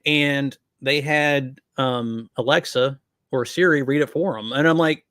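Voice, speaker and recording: A man's voice: medium pitch, unhurried, pushed and bright, smooth, dry recording, studio quality. A man co-hosting a podcast, chatting casually in a rambling way with many fillers. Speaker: podcast co-host.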